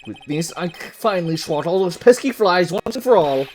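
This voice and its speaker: Man doing a smug, loud doctor, gloating. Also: high voice, lively intonation, a little fast, faint music behind.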